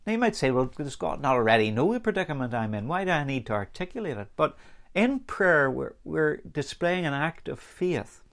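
A man preaching a sermon, earnest and lively, with dramatic pauses and acted-out anecdotes. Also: fairly high pitch.

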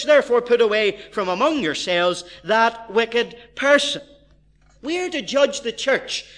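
A man preaching a verse-by-verse Bible sermon, moving from quiet explanation to fervent emphasis. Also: high-pitched. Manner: impassioned, swinging from soft asides to fervent emphasis.

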